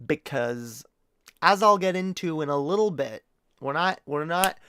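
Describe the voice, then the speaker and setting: A man's voice: on the high side, expressive, a little slow, sharp tone, a little hiss or hum. A man talking to his chat on a live stream, rambling and opinionated, swearing casually among lots of fillers and restarts. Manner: earnest and opinionated, addresses chat directly.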